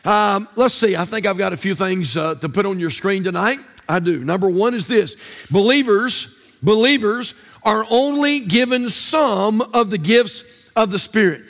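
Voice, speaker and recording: A man's voice: high voice, measured pace, a bit bright. A male pastor preaching a sermon in a church, with a sing-song cadence and repeated phrases. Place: church sanctuary.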